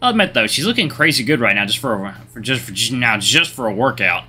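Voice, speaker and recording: A man's voice: medium pitch, animated, quick pace, bright, forceful tone, husky, soft background music. A man hosting a gaming channel, reading a story game's narration aloud in a let's play.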